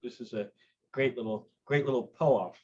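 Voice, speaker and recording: A man's voice: mid-range voice, normal speed, slightly rough, dull audio. A man hosting an online reading series, enthusiastic and swearing freely as he praises a reader. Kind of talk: casual chat.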